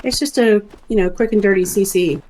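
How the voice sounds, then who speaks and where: A woman's voice: mid-range voice, a little fast, a little mellow, a little hiss or hum, rough recording. Dry, amused middle-aged woman gaming. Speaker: gaming co-host. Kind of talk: casual let's play chat.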